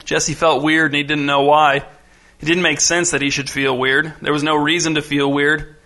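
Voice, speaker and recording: A man narrating a novel in an even, measured reading. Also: on the high side. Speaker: audiobook narrator. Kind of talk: scripted narration.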